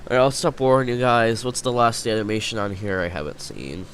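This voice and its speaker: A man's voice: on the low side, brisk, a bit bright, slight background noise. A man casually chatting as he reacts to videos, rambling and laughing often as he thinks aloud. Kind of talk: casual chat.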